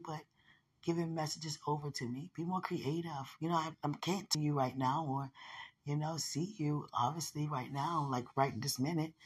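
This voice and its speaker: Low, husky woman speaking tenderly. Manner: tender, rambling, with frequent "you know" and soft laughs. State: a little hoarse. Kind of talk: intimate spoken message to a loved one.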